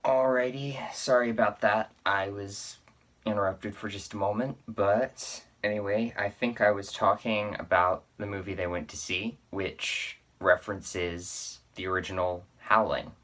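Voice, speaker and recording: Low, flat-voiced man reviewing films. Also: unhurried. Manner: rambling, with offhand asides and self-corrections. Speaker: horror film reviewer. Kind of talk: casual spoken movie review.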